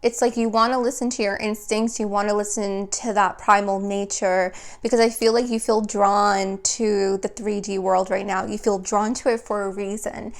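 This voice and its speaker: Creaky-voiced woman giving a tarot reading. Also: medium pitch, little pitch movement, normal speed, hardly any pauses. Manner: meandering, reassuring, often checks in with "okay?". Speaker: tarot reader.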